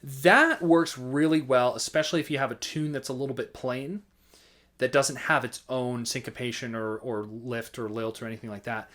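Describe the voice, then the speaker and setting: Relaxed male music teacher scatting rhythms. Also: medium pitch. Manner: relaxed, halting, vocalizes rhythms with scat syllables. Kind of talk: casual instructional talk.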